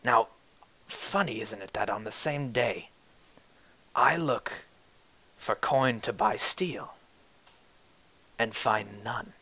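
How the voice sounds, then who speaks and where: A man voicing a huge, menacing blacksmith with a low, muttering lilt. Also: fairly even intonation, fast, few pauses, bright, forceful tone, rough recording.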